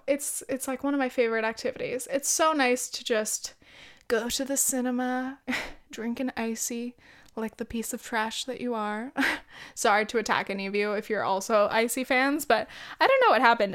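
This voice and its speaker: A woman's voice: fairly high pitch, normal speed, fairly bright tone. A woman in her twenties hosting a podcast, chatting candidly and rambling with lots of likes and ums. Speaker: podcast host. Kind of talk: casual solo chat.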